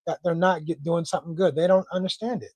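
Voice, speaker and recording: A man hosting a casual livestream discussion, talking in a blunt, slangy, animated way. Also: fairly high pitch, fast, dry recording. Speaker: livestream host.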